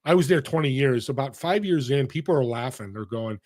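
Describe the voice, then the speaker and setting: This middle-aged man is a guest in an interview, telling stories with energy and turning straight to the audience as he talks. His mid-range voice moves briskly with few pauses.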